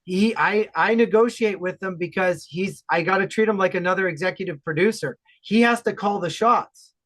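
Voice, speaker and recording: A man from Ontario, Canada, talking enthusiastically and loudly as a guest in a casual podcast chat. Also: high-pitched. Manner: enthusiastic, animated, loud talker.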